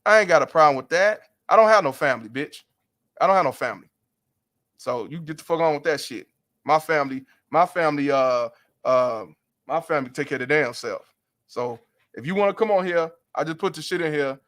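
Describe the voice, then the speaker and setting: A man's voice: fairly high pitch, brisk, fairly bright tone. A man hosting a livestream, ranting bluntly and profanely in heated commentary. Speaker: livestream host.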